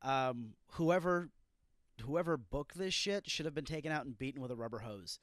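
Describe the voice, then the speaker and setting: A man's voice: medium pitch, normal speed, a bit bright, no room sound, studio quality. A man hosting a solo wrestling review podcast, ranting and swearing as he reacts to a show. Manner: profane, ranting, irritated outbursts. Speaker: podcast host.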